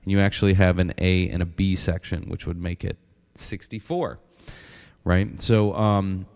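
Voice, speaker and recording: A man's voice: deep voice, fairly even intonation, a little slow, darkish tone, smooth. A man giving a casual synth tutorial, counting steps aloud and often asking "right?". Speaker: synth instructor.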